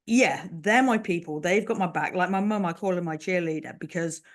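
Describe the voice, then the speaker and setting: A woman's voice: on the low side, moderate pace. A woman in a podcast conversation, telling stories reflectively and quoting her own thoughts aloud.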